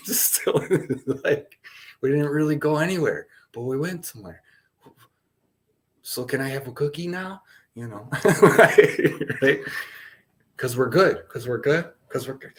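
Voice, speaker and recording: A man hosting a casual spiritual session, talking in a playful, rambling way and laughing often as he jumps between topics. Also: medium pitch.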